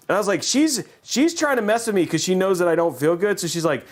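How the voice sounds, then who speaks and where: A man's voice: very high-pitched, big pitch swings, moderate pace, pauses often. A man hosting a livestream, chatting casually in a rambling, joking way and laughing often. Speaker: livestream host.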